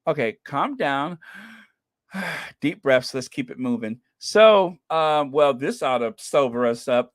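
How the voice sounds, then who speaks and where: Gushing man chatting on a livestream. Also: on the high side. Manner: gushing and excitable, talks to viewers as you guys. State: runny nose, clearing throat. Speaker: channel host. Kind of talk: casual live-stream chat reading viewer comments.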